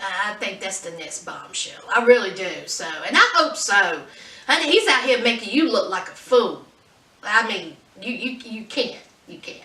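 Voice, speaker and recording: A woman's voice: mid-range voice, big pitch swings, moderate pace, pushed and bright. A woman vlogger chatting casually about celebrity news in a sassy, gossipy way. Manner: chatty, sassy, says "honey". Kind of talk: casual pop-culture commentary. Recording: roomy echo, distant mic.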